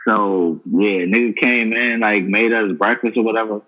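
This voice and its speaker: A man's voice: fairly low pitch, steady tone, normal speed, narrow, tinny audio. A man co-hosting a casual chat, rambling with many fillers and profanity.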